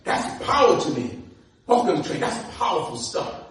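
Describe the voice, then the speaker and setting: A man's voice: high-pitched, normal speed. A pastor, preaching a sermon full of stories, acting out dialogue with laughter in his voice. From New York. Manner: animated, acts out dialogue, laughs often. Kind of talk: sermon with storytelling. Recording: echoey room from far off.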